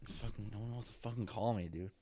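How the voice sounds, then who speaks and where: A man with a somewhat low voice vents in a rambling vlog monologue. He is exasperated and repetitive. He swears in nearly every line and keeps tacking "dude" onto his sentences. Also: fairly even intonation, fast talker, dark tone, husky. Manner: frustrated ranting, heavy swearing, repeats "dude". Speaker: vlogger. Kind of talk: venting monologue.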